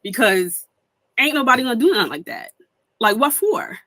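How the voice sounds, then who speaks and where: A woman's voice: fairly high pitch, lively intonation, moderate pace, sharp tone. A young woman streamer giving heated commentary, indignant and swearing, mimicking people she quotes.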